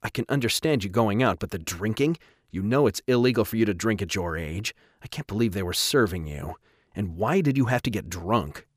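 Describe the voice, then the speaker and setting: A stern middle-aged father, read by a male narrator, scolds in a firm, low voice. The reading stays close to the narrator's own deep tone. The sound is dry and close. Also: expressive, brisk, breathy edge, no room sound. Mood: scolding.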